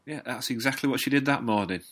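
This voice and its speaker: A man's voice: mid-range voice, quick pace, fairly bright tone. A Northern English man chatting casually about fishing, telling stories in a dry, understated way. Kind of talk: casual chat.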